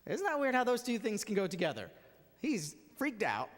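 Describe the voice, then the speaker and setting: A man preaching a conversational, expressive sermon in a church sanctuary. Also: sits high, moderate pace. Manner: conversational, expressive, retells scenes with acted voices. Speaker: pastor. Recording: echoey church hall.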